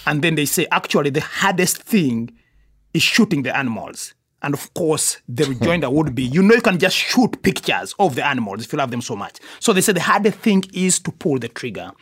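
A man from Africa, a comedy writer, chatting excitedly on a podcast with quick restarts and laughs. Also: a little high, slightly rough, dry recording. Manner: excitable, stammering restarts, laughs while talking. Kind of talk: animated podcast chat.

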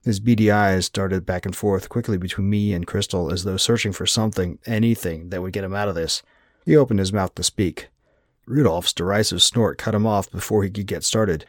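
A male audiobook narrator with a low voice tells the story in a wry, measured way. The recording is dry and close, with no room sound at all. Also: steady tone, no room sound. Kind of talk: scripted first-person narration.

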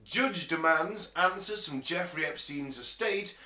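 A man's voice: fairly high pitch, measured pace, music in the background. A man co-hosting a casual podcast, laughing often and swearing freely while reading out news stories. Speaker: podcast co-host. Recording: roomy echo.

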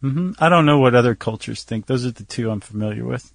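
A man's voice: medium pitch, fast, vocal fry, dry recording. A man co-hosting a podcast in casual chat, wry and joking. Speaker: podcast co-host.

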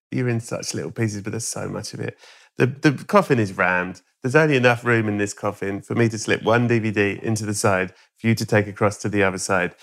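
A man's voice: mid-range voice, fairly bright tone. A man hosting a podcast, spinning a comic story in a playful, swearing, chatty way. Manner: playful, swearing, acts out voices. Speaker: podcast host.

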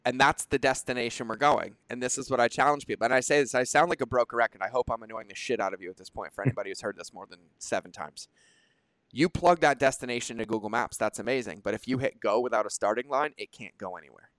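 A man's voice: medium pitch, fast talker, fairly bright tone, no echo. A man hosting a podcast in casual conversation, talking emphatically and swearing casually. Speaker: podcast host.

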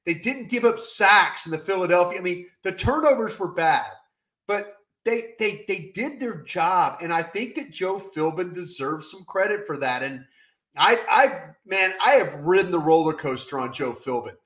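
A high-pitched man talks sports with a folksy, emphatic delivery. His voice carries a roomy echo around it. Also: lively intonation, normal speed, a bit bright. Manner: emphatic, folksy, repeats "I'll tell you what". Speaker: co-host. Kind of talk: casual sports talk.

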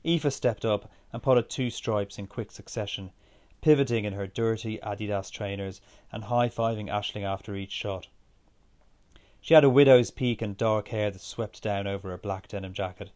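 A man reading a first-person story aloud in a steady, measured way. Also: on the low side. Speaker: narrator.

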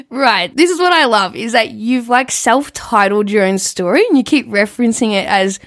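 A woman with a fairly high voice hosts a podcast, giggling and teasing her guest. Her pitch jumps all over the place, and the sound is close and dry. She swears freely and keeps the chat relaxed. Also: normal speed, no room sound. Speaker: podcast host. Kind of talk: casual chat. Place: Edinburgh.

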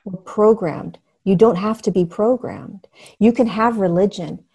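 A woman's voice: medium pitch, unhurried, warm tone, breathy edge, lo-fi sound. Earnest, emphatic woman guest. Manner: earnest, emphatic, acts out quotes. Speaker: podcast guest, spiritual teacher. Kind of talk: casual conversation.

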